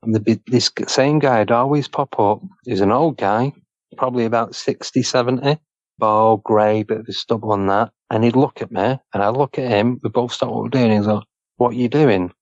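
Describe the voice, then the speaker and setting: A man from Manchester, recounting a personal experience as a podcast guest in halting, clipped fragments. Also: medium pitch, fairly even intonation, no room sound, lo-fi sound. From Manchester, England.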